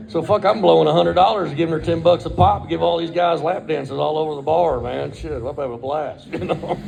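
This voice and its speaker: A man's voice: on the high side, creaky. A middle-aged man, telling a crude, profane personal story in a laid-back way.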